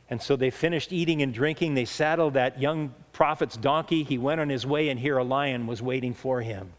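Emphatic preacher in an echoey hall. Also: male voice, on the high side, animated. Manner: earnest, emphatic, slows down for key points. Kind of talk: sermon.

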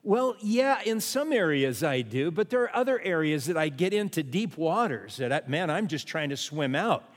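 A man's voice: on the high side, big pitch swings, moderate pace, big-room sound. A man preaching a sermon as pastor, who repeats refrains and asks his listeners questions.

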